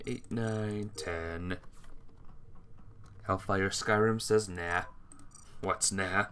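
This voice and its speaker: Sleepy, bright-voiced male gaming streamer. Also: sits low, steady tone, extremely slow, long pauses, a little hiss or hum. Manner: laid-back, chatty, talks to chat and teammates. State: sleepy, yawning. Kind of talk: casual live-stream game commentary.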